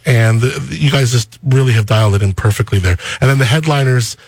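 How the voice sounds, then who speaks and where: A man's voice: medium pitch, brisk, creaky, slightly rough, no room sound. A man hosting a radio morning show from the studio, chatting with a guest in an upbeat, enthusiastic way, slipping into sing-song promo lines. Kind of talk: casual radio interview chat. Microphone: studio microphone.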